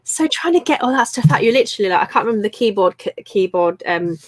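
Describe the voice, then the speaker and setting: A woman's voice: mid-range voice, animated, fast, dry recording, poor audio. A woman, chatting casually on a live stream and reading out viewer comments.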